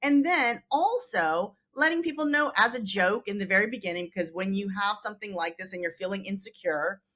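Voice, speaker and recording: A woman hosting an interview, explaining points in an animated way and acting out example quotes. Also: mid-range voice, fairly quick. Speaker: podcast host, mediator. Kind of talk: conversational interview.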